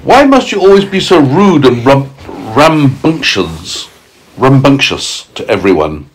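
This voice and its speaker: Storybook earthworm, male, boastful know-it-all, voiced by a father reading aloud, slow and lively in pitch. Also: slightly rough, low-quality recording. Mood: proud. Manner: proud, lecturing storybook voice. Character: proud, chatty male earthworm.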